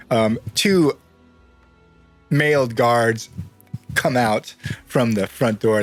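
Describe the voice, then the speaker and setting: A man runs a tabletop game as game master, narrating loosely with frequent laughter. His voice sits mid-range, with faint music behind him. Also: mid-range voice.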